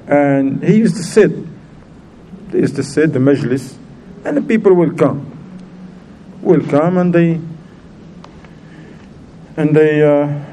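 Man, religious teacher, storytelling, quizzes listeners, acts out voices, mellow tone, faint background hiss. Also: fairly high pitch, rough recording. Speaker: Islamic teacher. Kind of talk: informal religious lesson.

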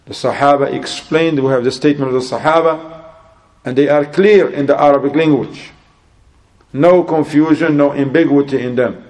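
A man giving a religious sermon in English, telling a story and acting out both sides of a conversation in a lively, rising voice. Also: fairly high pitch, normal speed. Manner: acts out dialogue in an animated, rising voice; non-native English with Arabic religious terms. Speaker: Islamic preacher.

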